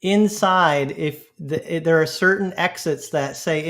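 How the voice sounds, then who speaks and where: A man's voice: on the high side, unhurried. A man hosting a podcast, telling funny stories in casual chat with frequent laughter. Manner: laughing, storytelling, relaxed. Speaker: podcast host.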